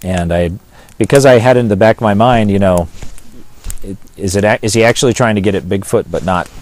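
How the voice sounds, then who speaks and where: A man's voice: on the low side, fairly quick, darkish tone. A man with a Pacific Northwest American accent telling a story in an interview, rambling and hesitant, with many fillers and restarts. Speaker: pastor and witness.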